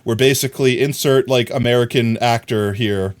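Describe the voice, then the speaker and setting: A man's voice: medium pitch, steady tone, moderate pace. Young man muttering through a live stream. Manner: rambling, jokey, mutters to himself while crafting; teases and scolds chat playfully. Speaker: livestreamer. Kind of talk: casual live-stream chat while gaming.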